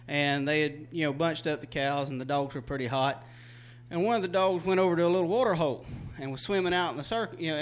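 A man's voice: fairly high pitch, fairly bright tone. A man reciting a rhyming cowboy poem on stage, then telling a folksy story in a drawl. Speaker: cowboy poet performing.

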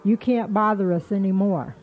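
A woman's voice: medium pitch, normal speed, slight background noise, natural voice. A woman voicing a grumpy but patient male turtle who speaks plainly. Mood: steady. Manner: reluctant, plain-spoken. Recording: tinny phone-like line.

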